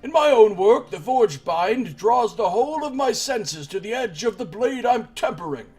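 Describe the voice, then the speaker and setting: A man reading a proud, zealous woman blacksmith in a game aloud, in a husky raised voice with earnest, declaiming delivery. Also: very high-pitched, lively intonation, normal speed, darkish tone, faint music behind, voice pushed up, full character voice.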